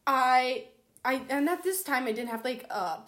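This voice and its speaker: Speaking at normal speed with a high voice, a young woman relates an embarrassing experience in casual talk. She curses freely and brings the story to life by performing her own lines.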